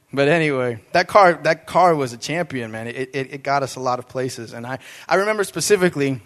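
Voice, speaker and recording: A young male pastor talks through his sermon like a chat with friends, joking and telling animated stories between points. His voice sits a touch high for a man. He is from a Mexican background. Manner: casual, joking, animated storytelling.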